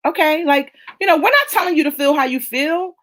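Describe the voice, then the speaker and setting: A woman's voice: high-pitched, animated, fairly quick, a bit bright. Chatty woman hosting a live talk stream. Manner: conversational, emphatic, reads out viewer comments. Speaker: host of a live chat show. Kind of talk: casual live-stream chat.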